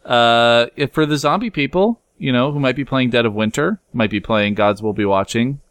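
A man's voice: medium pitch, moderate pace, fairly bright tone, no room sound. A man co-hosting a casual podcast, joking around and reading out trivia questions with a rambling delivery. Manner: jokey, rambling, quizmaster. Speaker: podcast co-host. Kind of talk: casual chat.

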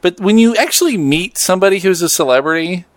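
A man's voice: high-pitched, lively intonation, quick pace, dry recording. A man hosting a podcast, chatting casually, joking and reading out listener messages. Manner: loose, joking, laughs easily. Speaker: podcast host.

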